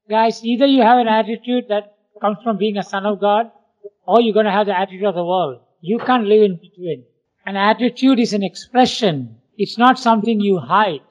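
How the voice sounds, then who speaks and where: Earnest man teaching a Bible class. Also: very high voice. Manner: earnest, emphatic, acts out quoted voices. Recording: dull lo-fi recording.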